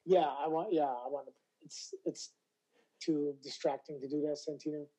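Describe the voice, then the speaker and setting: A man being interviewed about his wrestling career, voice slightly hoarse, telling stories animatedly with stammered restarts. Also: on the high side, fairly even intonation, moderate pace, dark tone, poor audio. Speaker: interview guest, former wrestler. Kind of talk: casual interview chat.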